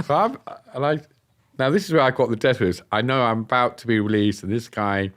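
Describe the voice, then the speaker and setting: A man from England telling a personal story on a podcast, animated and acting out the dialogue. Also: mid-range voice, a little fast. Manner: animated, acts out quoted dialogue. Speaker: guest telling his story. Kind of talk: casual storytelling. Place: podcast studio.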